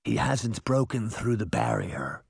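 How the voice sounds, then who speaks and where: A man voicing a gruff, blunt male character who speaks flatly and dismissively. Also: fairly low pitch, a little slow, no room sound, studio quality, exaggerated voice.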